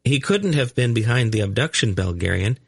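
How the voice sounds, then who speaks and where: A man voicing a calm, uncanny young boy who reads minds, in an audiobook. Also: medium pitch, brisk, gravelly, husky, no room sound, studio quality, pitched above the performer's own voice. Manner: calm, matter-of-fact explaining. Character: uncanny mind-reading blond boy, calm. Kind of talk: audiobook character voice.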